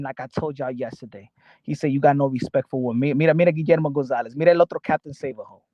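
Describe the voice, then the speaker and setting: Heated high-voiced host. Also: male voice, no room sound, highs cut off. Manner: heated, mocking, switching between English and Spanish. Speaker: boxing channel host. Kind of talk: livestream commentary answering chat.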